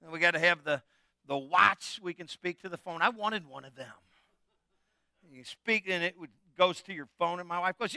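A man's voice: high-pitched, moderate pace, gravelly, pushed and bright, clean tone, no echo, studio quality. A middle-aged man, a pastor, preaching a conversational, jokey sermon with call-and-response to his congregation.

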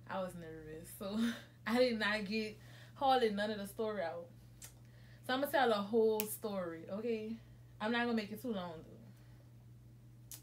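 A woman's voice: mid-range voice, a little hiss or hum. A young woman, telling a rambling, chatty storytime to her vlog viewers from home and correcting herself as she goes. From New Orleans, USA. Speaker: vlogger. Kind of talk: casual storytime monologue.

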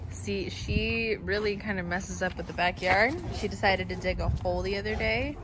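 A woman's voice: mid-range voice, steady tone, normal speed, hardly any pauses, background noise. Chatty, anxious young woman vlogging at home. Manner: chatty and anxious, many fillers like "um" and "like". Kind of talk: casual vlog chat. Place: home and car.

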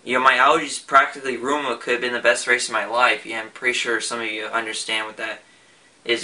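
A young man vlogs casually in a sharp, medium-pitched voice, rambling with lots of fillers and restarts. He sounds a little distant from the microphone.

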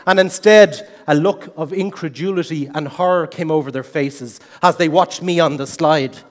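A middle-aged man giving a humorous competition speech, an animated, self-mocking storyteller, in a large hall. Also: on the high side, normal speed, slight background noise. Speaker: contest speaker. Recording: long hall reverb.

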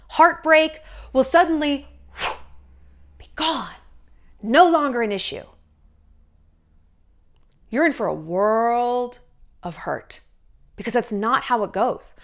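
A woman in her thirties ranting casually to camera as a vlogger, chatty and sarcastic. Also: fairly high pitch. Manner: chatty, animated, sarcastic asides. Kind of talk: casual opinion rant to camera.

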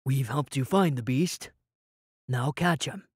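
Man voicing a weary, overly calm young wizard. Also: mid-range voice, takes it slowly, breathy edge, dry recording, studio quality, voice pushed down. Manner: overly calm, tired, prim.

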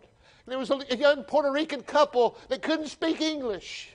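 Southern man, pastor, high-pitched voice, folksy animated sermon, church sanctuary. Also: a little fast. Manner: folksy, animated preaching with repeated restarts.

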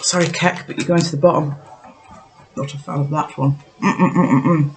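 A woman's voice: deep voice, steady tone, moderate pace, slight background noise. A woman vlogger in casual chat, thinking aloud and joking at herself as she tastes snacks. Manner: chatty, self-mocking, thinks aloud while tasting.

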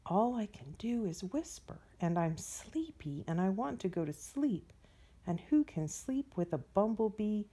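A woman's voice: on the low side, big pitch swings, moderate pace, creaky, few pauses, warm tone, husky, heavily acted. A woman voicing a sleepy little male rabbit in a storybook, in whispered role-play.

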